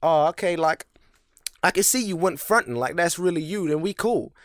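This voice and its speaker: A man voicing a sassy, bossy female store manager in a loud, brash, scolding way, retelling a comedy sketch. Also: on the high side, expressive, normal speed, no echo, clean studio sound. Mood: grudging.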